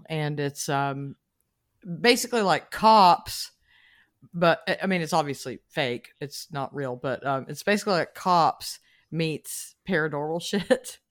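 A woman hosting a podcast, chatting in a bubbly way with many hesitations. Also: deep voice. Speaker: podcast host. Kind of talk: casual podcast chat.

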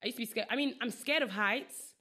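A woman's voice: a little high, fast, bright, forceful tone. A young woman hosting a podcast with a London accent, chatting casually and laughing easily as she rambles through stories. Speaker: podcast host. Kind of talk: casual chat.

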